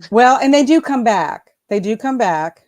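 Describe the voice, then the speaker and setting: A woman in her fifties, an educator, chatting on a video call as an animated storyteller who laughs often and acts out exchanges. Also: on the high side, normal speed. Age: 50s. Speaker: school proctor and educator. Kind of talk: casual video call chat.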